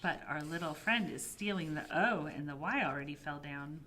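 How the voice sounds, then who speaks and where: A woman librarian reading a picture book aloud to preschoolers, with expressive, swooping emphasis. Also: low voice, normal speed, noisy background. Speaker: children's librarian.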